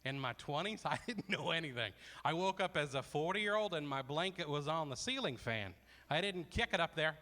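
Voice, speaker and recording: A man's voice: on the high side, animated, normal speed, sharp tone, long reverb tail. A man in his forties doing self-deprecating stand-up comedy at a charity fundraiser, rambling through asides. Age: 40s.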